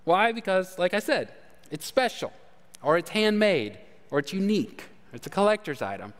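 A man with a high, smooth and resonant voice gives a sermon as a folksy, self-deprecating story. He fills it with fillers and "all right?" asides. His voice rings out with a long reverb, as in a large sanctuary. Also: very animated, moderate pace, fairly bright tone. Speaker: pastor.

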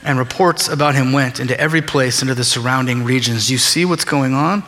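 A man's voice: mid-range voice, fairly quick, a bit bright. A man preaching a sermon as a pastor, conversational and acting out bits of dialogue. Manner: conversational, acts out dialogue with voices. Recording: long reverb of a large hall.

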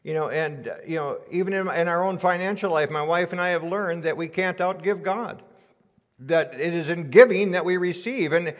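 A man delivers a sermon in a church, his voice sitting a little high. He tells stories in a folksy way, stumbling over and repeating words. The sound carries a long reverb from the sanctuary. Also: moderate pace. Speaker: guest preacher. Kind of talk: sermon with a joke.

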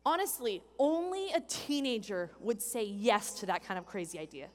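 A woman giving a sermon as a pastor, animated, acting out the people in the story she tells. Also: mid-range voice, normal speed, big-room sound. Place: church hall with a congregation.

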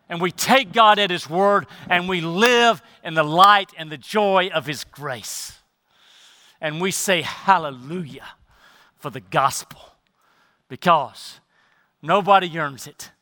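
Male pastor, sermon, high bright voice, emphatic preaching with soft low asides, dry close sound. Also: no room sound.

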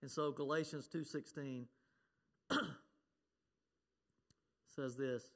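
A man's voice: mid-range voice, steady tone, slow pace. A man preaching a sermon as pastor, earnest, quoting scripture and at times getting choked up. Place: church sanctuary. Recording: long reverb of a church hall.

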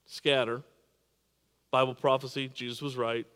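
A man preaching a sermon, repeating and restarting words, swinging between emphatic peaks and quiet drops. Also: medium pitch, little pitch movement, normal speed, clear, resonant tone, big-room sound. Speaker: pastor.

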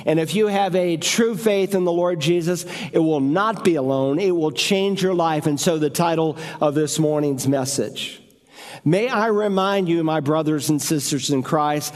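A man's voice: a little high, darkish tone. A man preaching a sermon in a church, with sing-song emphasis, acting out short voices in his stories. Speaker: pastor. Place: church sanctuary. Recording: long reverb of a large church.

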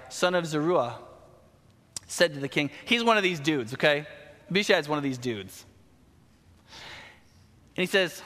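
A man preaching a sermon, retelling a Bible story in a casual, animated way with slang asides. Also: fairly high pitch, normal speed, long pauses. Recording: long hall reverb.

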